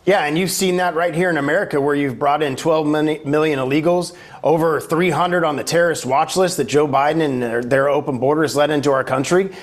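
A man's voice: a little high, steady tone, fairly quick, hardly any pauses. A man, a congressman, answering as an interview guest with firm, emphatic talking points.

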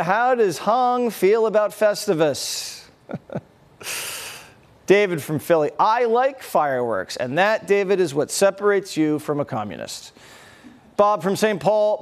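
A man hosting a talk show, reading viewer messages aloud with wry jokes and frequent laughter. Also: high voice. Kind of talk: comedic talk show banter.

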